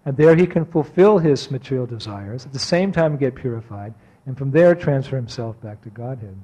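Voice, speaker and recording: A man giving a devotional lecture, telling a personal story with animation and acting out remembered exchanges, slowing and softening on reflective points. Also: medium pitch, lively intonation, low-quality recording. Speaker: spiritual teacher giving a talk.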